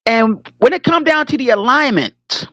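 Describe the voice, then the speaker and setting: A man with a very high-pitched voice hosts a casual livestream at a moderate pace, on lo-fi audio with no room sound. Slangy and rambling, he swears freely and keeps stopping to laugh and regroup, animated throughout.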